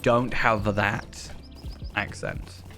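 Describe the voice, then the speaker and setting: A man's voice: on the low side, level tone, very slow, sharp tone. A man chatting in a rambling, self-deprecating way while streaming a game. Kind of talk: casual gaming commentary. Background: faint game music.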